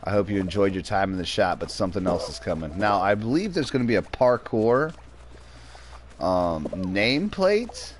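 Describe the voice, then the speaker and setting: A man's voice: on the low side, lively intonation, moderate pace. A man streaming a game, chatting casually with viewers and his pet. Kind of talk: casual livestream chat.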